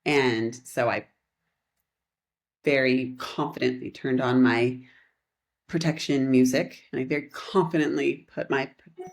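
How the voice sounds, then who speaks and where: Woman podcast co-host, 30s, low voice, rambling storyteller who laughs often. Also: steady tone, measured pace, pauses often. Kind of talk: casual storytelling chat.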